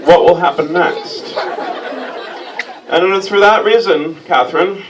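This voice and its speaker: A man hosting a comic stage reading, teasing his volunteers in a dry, mock-pompous deadpan. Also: sits high, measured pace. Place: stage before a live audience. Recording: distant mic, loud crowd laughter and noise.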